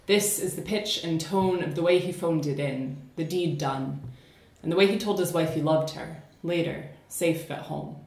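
A woman's voice: low-pitched, a little mellow, echoey room. American woman reciting spoken word poetry. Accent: American, slightly shifted by living in Scotland. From United States. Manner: measured, rhythmic poetic delivery with deliberate slowing. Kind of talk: podcast chat, then spoken word poem performance.

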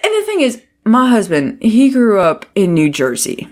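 A woman's voice: medium pitch, big pitch swings, normal speed, few pauses. A woman co-hosting a podcast in casual chat, tipsy from drinking, rambling, swearing and laughing often. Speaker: podcast co-host.

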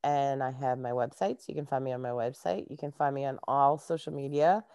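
A woman's voice: a bass voice, steady tone, a little fast, warm tone, no room sound, clean studio sound. A Canadian woman, a life coach, chatting casually as an interview guest and laughing often.

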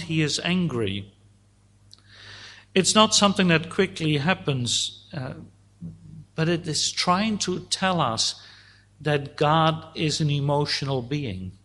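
A man preaching a sermon, teaching slowly and deliberately through a psalm and voicing God's words at times. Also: fairly high pitch, fairly bright tone.

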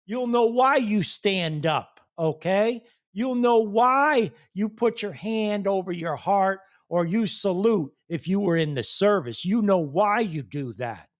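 A foul-mouthed man rants to his online viewers in open disbelief, cursing constantly and breaking into incredulous laughter. His voice sits high and leaps all over the place. He talks slowly and heavily. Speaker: streamer ranting to viewers. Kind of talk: profane political rant.

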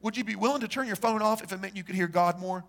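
A high-voiced man preaching to his congregation. He jokes, asks questions and breaks into sudden shouts between calmer stretches. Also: quick pace, gravelly. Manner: animated, joking, shouts in bursts. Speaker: pastor. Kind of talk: sermon.

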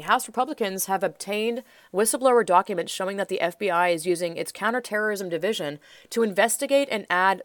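A woman hosting a political commentary show, rambling with many fillers and turning heated and loud when angry. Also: fairly low pitch, no echo, studio quality. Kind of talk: casual opinionated monologue.

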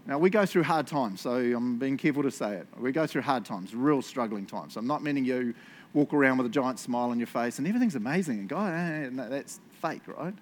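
A man's voice: mid-range voice, expressive, a little fast. A man preaching a casual sermon, chatty, with frequent laughs and tag questions. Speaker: pastor.

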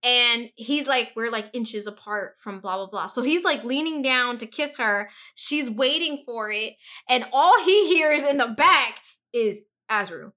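A woman with a high, bright voice dishes on a book's characters in casual chat. She tells the story in an animated, gossipy way with plenty of slang. Her delivery is lively and spirited. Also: a little slow. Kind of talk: casual book discussion chat.

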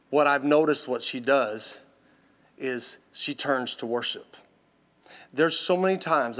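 A man preaching a sermon, impassioned and exhorting, swinging from loud intensity to hushed tones. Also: mid-range voice.

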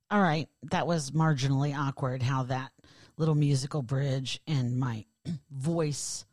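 A woman's voice: extremely low pitch, steady tone, measured pace, a little mellow, faint music behind. A woman hosting a podcast in a rambling, sarcastic, profane monologue. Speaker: podcast host.

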